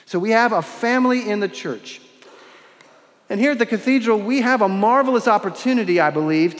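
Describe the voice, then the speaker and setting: A man preaching a sermon in a measured, earnest way, with pauses and restarts, in a large church. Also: sits high. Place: large church with long reverb. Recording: long hall reverb.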